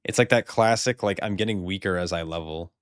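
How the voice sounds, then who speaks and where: Low-voiced American man streaming casually. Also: a little fast, clear, resonant tone, no echo, clean studio sound. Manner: loose, rambling, swears a lot, laughs often. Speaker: game streamer. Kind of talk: casual live-stream chat.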